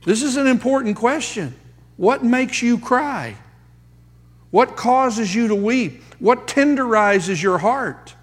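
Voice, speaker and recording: Slow, high-voiced preacher in a reverberant hall. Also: male voice, animated, husky. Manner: emphatic preaching with dramatic pauses and rhetorical questions. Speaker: pastor. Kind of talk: sermon.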